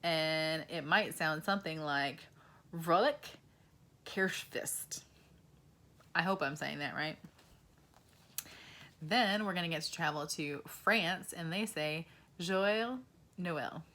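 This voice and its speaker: A woman in her twenties or thirties gives a slow, encouraging lesson to young children and asks them questions. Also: low-pitched, sharp tone. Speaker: preschool teacher.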